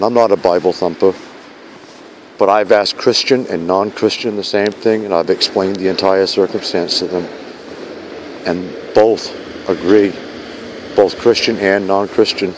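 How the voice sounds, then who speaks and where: A man with a low, even voice records an earnest message on his phone while walking through a snowy park at night. He pleads and repeats his vows steadily, with little rise and fall, and faint hiss sits under his words. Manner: earnest, pleading, vow-like repetition. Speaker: vlogger addressing his fiancée. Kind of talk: heartfelt spoken video message.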